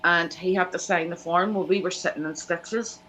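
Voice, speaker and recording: A woman's voice: lowish voice, moderate pace, slight background noise, low-quality recording. A woman, telling family anecdotes in a casual live chat and acting out the people she quotes. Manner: animated anecdote teller, acts out quoted voices.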